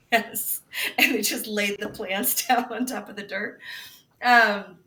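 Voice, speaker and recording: A woman with a bright, forceful voice speaks casually as a guest reporter, rambling with restarts and quick laughs. She sits at a distance from the mic in an echoey room. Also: mid-range voice, fairly even intonation. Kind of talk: casual political talk.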